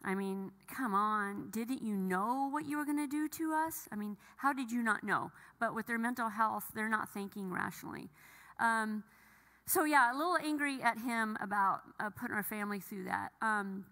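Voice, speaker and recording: A middle-aged woman speaking haltingly and with emotion as she gives a personal testimony to a church audience, with many fillers and restarts. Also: a little high, bright, forceful tone. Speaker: bereaved mother sharing testimony. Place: church sanctuary. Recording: long reverb of a church hall.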